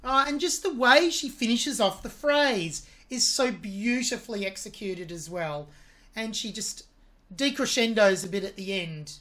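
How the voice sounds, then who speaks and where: A woman's voice: medium pitch, expressive, measured pace, bright, forceful tone. A woman hosting a music reaction video, analysing a singer's vocal technique with admiring commentary.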